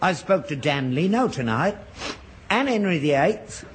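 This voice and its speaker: A man's voice: on the high side, very animated, measured pace, slight background noise. An older man in a British radio sitcom, playing an earnest, gullible father who grows indignant when mocked.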